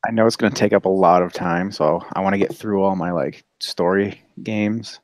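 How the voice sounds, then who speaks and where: A man's voice: deep voice, fairly even intonation, normal speed, a little mellow, no echo. A man co-hosting a podcast in casual chat, laid-back and giving brief replies. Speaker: podcast co-host.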